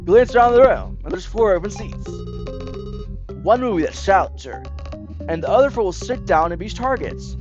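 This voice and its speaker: A streamer voicing a scheming host of a deadly game, with a low, smug drawl and a put-on southern American accent. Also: expressive, moderate pace, music in the background, close to an everyday voice. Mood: taunting. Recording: dull lo-fi recording.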